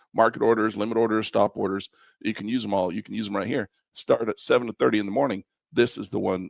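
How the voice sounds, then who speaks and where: A man's voice: on the low side, creaky, no echo, studio quality. A man teaching a live online trading class, coaching in a folksy, repetitive way and chuckling now and then. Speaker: trading instructor.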